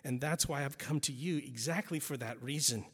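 A man voicing God as a calm, firm male deity who speaks in a deliberate, steady way. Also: medium pitch, breathy edge. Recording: long reverb in a large hall.

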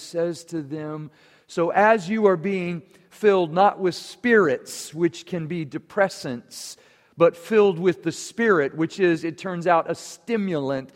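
A man preaching a sermon to his congregation, earnest and emphatic. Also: fairly high pitch. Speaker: pastor. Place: church sanctuary. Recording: long church reverb.

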